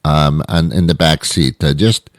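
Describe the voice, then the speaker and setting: A man's voice: steady tone, measured pace, no echo, studio quality. A man voicing a crude, shady ride-share driver, his voice raised above his own. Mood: sleazy casual. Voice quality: put-on foreign accent, higher voice.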